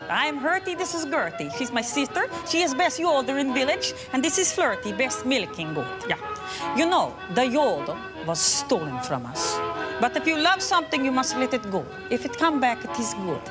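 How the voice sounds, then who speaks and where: Herty, a woman playing a deadpan Swiss yodelling goat-herder. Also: high-pitched, normal speed. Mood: earnest. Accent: put-on Swiss German. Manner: broken English, earnest deadpan storytelling. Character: cheerful Swiss mountain yodeller woman with goats. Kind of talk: comedy sketch acting. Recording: archive clip with loud music behind.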